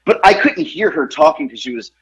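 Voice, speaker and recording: Animated rambling man telling a story. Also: on the high side, fairly quick, dull audio. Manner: animated, rambling, lots of "like" and restarts, laughs at his own story. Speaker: podcast co-host telling a story. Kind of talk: casual storytelling chat.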